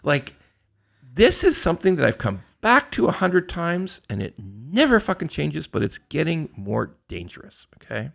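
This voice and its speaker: A man's voice: on the high side, wildly swooping pitch, normal speed, vocal fry. A man hosting a casual podcast chat, swearing freely, laughing often and restarting his sentences with repeated words. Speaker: podcast host.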